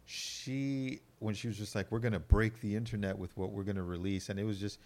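Deep-voiced man in rambling casual chat. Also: fairly even intonation, fairly quick, darkish tone. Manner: rambling, laughs often, wordy asides. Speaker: podcast co-host.

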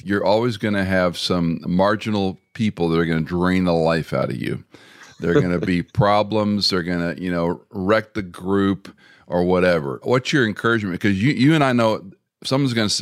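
A middle-aged man hosting a podcast, telling stories in a folksy way and getting animated when he quotes others. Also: low-pitched, no echo, clean studio sound. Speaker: podcast host. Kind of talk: podcast interview conversation.

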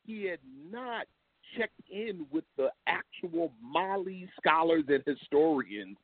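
A man's voice: on the high side, expressive, slow, no room sound. A man talking as a guest on a call-in show, emphatic and telling stories with acted-out quotes. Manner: emphatic, acts out quotes, laughs often. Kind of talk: animated storytelling talk. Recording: thin phone-like line.

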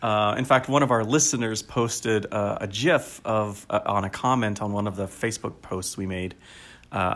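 A man in his forties co-hosts a casual podcast. He is lively and laughs often, and his chat is full of ums and uhs. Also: on the low side. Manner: lively and laughing, with many fillers. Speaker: podcast co-host.

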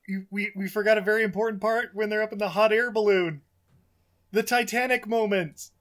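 A man on a podcast retelling a film plot in an animated way, acting out lines as he goes. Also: high-pitched, fairly quick. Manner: animated storyteller, acts out quotes. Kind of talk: casual chat.

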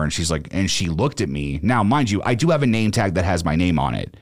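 A man's voice: low voice, big pitch swings, brisk, few pauses, no room sound, studio quality. A man hosting a podcast, telling a story in casual chat, rambling with lots of restarts and fillers. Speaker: podcast host.

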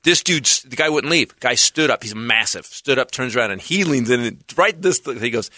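Animated storyteller man, bright dry voice. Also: mid-range voice, fairly quick, no echo. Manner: animated, acts out characters with loud shouted voices. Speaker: stand-up comedian guest. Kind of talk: storytelling in casual podcast chat.

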